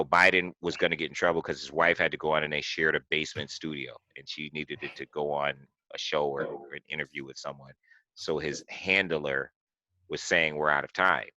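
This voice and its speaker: A man's voice: very deep voice, bright, forceful tone, dry recording, dull audio. A man hosting a casual podcast, retelling an interview at length with many "you know"s and restarts. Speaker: podcast host. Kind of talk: casual political discussion.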